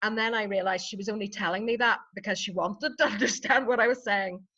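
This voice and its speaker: Chatty Northern Irish woman, bright voice. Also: mid-range voice, fairly even intonation, brisk, muffled recording. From Northern Ireland. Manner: chatty, anecdotal, explanatory. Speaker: vocal coach. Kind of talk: casual podcast chat.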